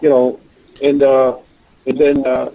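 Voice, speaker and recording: A man's voice: mid-range voice, slow, vocal fry, poor audio. A man with a Russian accent, speaking broken English, telling rambling stories as a guest in an interview. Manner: broken English, rambling anecdotes, animated voices for quotes. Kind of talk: phone interview storytelling.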